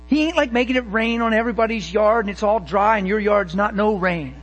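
A man preaching a sermon with fervent emphasis and quick rhetorical questions. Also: sits high, fairly bright tone, low-quality recording.

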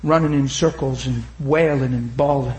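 A man preaching an impassioned sermon, shouting at times and then dropping to a hushed retelling, urging the crowd on. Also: mid-range voice, steady tone, moderate pace, echoey room. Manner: urges the crowd with repeated calls of "come on".

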